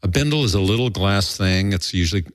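A man's voice: low-pitched, lively intonation, quick pace, no echo, studio quality. An older man telling a rambling, profane story in a candid interview, acting out quoted voices. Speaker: guest.

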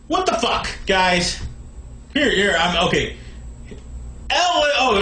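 A man vlogging a profane, shouted comedic rant to camera, worked up and frantic. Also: high voice, sing-song, takes it slowly, long pauses, reverberant, slight background noise, rough recording.

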